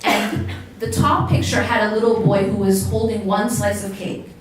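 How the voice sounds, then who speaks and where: A woman's voice: medium pitch, fairly even intonation, moderate pace. Woman lecturing in an echoey hall. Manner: conversational, asks the audience questions. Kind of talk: religious lecture to a live audience. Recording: echoey hall, voice from far off, faint noise.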